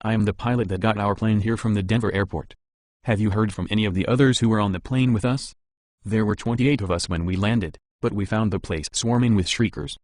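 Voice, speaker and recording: A man's voice: fairly low pitch, steady tone, fairly quick, darkish tone, dry recording, studio quality, natural voice. A man voicing an airline pilot recounting events in a matter-of-fact way.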